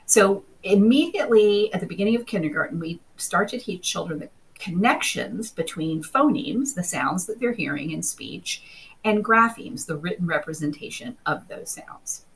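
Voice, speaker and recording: Husky-voiced woman explaining reading fluency. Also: lowish voice, rough recording. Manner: clear explanatory teaching, steady and measured. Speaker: literacy researcher presenting a webinar. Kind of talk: webinar presentation.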